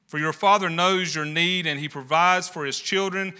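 A man's voice: on the high side, fairly even intonation, normal speed, sharp tone, clear, resonant tone. A man preaching a sermon, building emphasis with rhetorical questions. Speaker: pastor.

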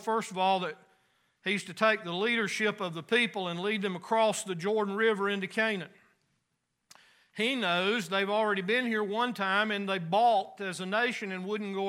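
Pastor guy giving a sermon, bright sharp tone, chatty homespun asides. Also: high voice, smooth. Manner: folksy, conversational preaching with homespun asides.

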